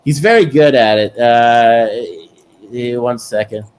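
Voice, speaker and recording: New york guy rambling on, lots of uh's and restarts, middle-pitched voice. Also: slow pace, a little mellow, a little hiss or hum. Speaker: guest. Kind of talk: casual chat.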